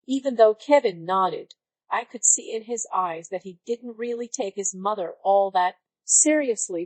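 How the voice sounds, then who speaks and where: A synthetic woman's voice reading a story aloud in a flat, even way, as narrator. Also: medium pitch, dry recording, low-quality recording.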